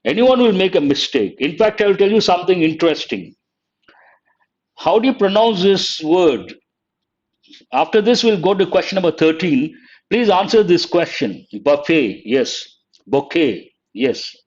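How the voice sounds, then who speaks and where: A man's voice: high voice, sing-song, a little slow, darkish tone, muffled recording. A man, teaching an exam-prep lecture online, quizzing students and spelling words letter by letter. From India. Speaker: English teacher.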